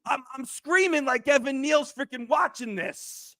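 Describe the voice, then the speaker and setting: A man hosting a sports fan show, ranting and shouting in heated commentary, then dropping into low grumbles. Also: a little slow, dry recording, clean studio sound.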